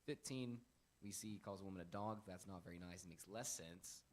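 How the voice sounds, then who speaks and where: A young man hosting a casual Bible lesson, earnest and emphatic, with animated bursts when quoting. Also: deep voice, fairly quick. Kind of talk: casual Bible teaching chat.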